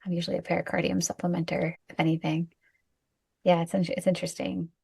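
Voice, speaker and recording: A woman acupuncturist talks through her cases in a husky, gravelly, lowish voice. She tells stories in a lively way and pokes fun at herself, in relaxed shop talk. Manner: animated storyteller, self-mocking, quick asides. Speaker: acupuncturist, co-host. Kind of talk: casual clinical chat.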